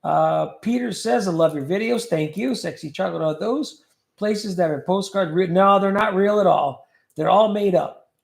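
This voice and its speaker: High gravelly man reading chat. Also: normal speed, echoey room. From California. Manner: jokey, reads viewer comments aloud. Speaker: livestream host reading chat. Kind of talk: casual livestream chat.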